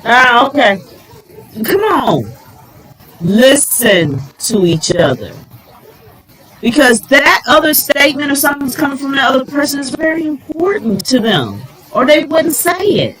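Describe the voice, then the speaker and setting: Animated middle-aged woman giving advice. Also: high-pitched, unhurried, poor audio. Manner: animated, exclaiming, addresses viewers as y'all. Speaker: vlogger giving relationship advice. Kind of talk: casual advice talk to camera.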